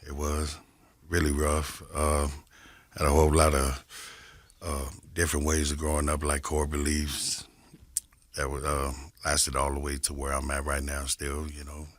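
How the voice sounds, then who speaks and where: A man from Compton with a gravelly voice, a guest speaking in a laid-back, plain-spoken way in a casual interview. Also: very deep voice, monotone, measured pace, dry recording. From Compton, California.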